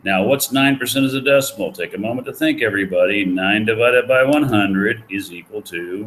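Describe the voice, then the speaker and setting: Male lecturer, low-pitched, jokey and folksy, faint hiss behind. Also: fairly quick, few pauses, fairly bright tone, low-quality recording. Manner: folksy, jokey teacher who asks the class questions. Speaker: economics professor. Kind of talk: recorded lecture.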